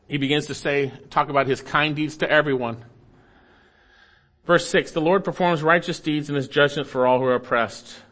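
A man preaching a sermon, explaining scripture verse by verse and swinging between emphatic rises and quiet low endings. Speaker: pastor.

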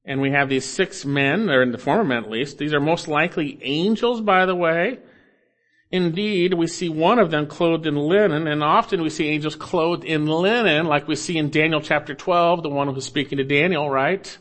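A man preaching an expository sermon, reading scripture aloud and urging listeners earnestly, rising loud then dropping low. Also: moderate pace. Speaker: pastor.

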